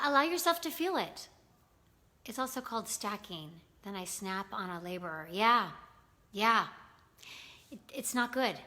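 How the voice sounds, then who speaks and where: Woman, live-stream host, bright and slightly high, loose chatty delivery with lots of fillers. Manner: chatty, greets viewers by name, many fillers. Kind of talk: casual live-stream chat reading comments.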